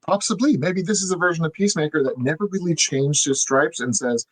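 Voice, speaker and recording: A man's voice: on the high side, fairly quick, slightly rough, no echo, rough recording. A young man co-hosting a podcast, explaining things in a casual, chatty way with plenty of fillers. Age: young adult. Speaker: podcast co-host.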